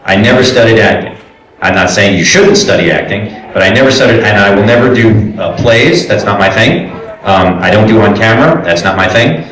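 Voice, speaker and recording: A man who voice-acts and directs answers audience questions at a convention panel, picked up from far off in an echoey room with faint music behind. His lowish, slightly bright voice is animated and a little fast, and his casual Q&A talk is loose and chatty, full of fillers and restarts.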